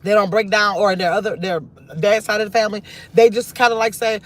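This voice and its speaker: A middle-aged grandmother runs a casual live chat from her car, reading viewers' comments aloud as she rambles reflectively. Her medium-pitched delivery is flat and a little fast.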